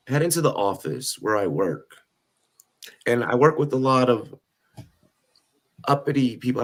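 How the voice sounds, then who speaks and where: A man co-hosting a sports podcast, talking in an animated, casual way with occasional cursing. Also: lowish voice.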